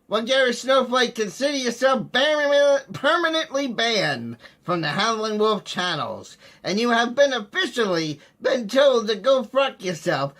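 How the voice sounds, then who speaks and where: A man's voice: very high voice, lively intonation, measured pace, few pauses, a bit bright. A man host mockingly announcing a guest like a showman.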